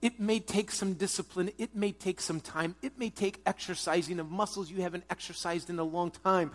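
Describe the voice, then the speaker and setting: A man's voice: fairly even intonation, normal speed, few pauses. Earnest preaching man in an echoing hall. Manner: earnest, swings from booming urging to hushed prayer. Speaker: pastor. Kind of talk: sermon. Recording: long hall reverb.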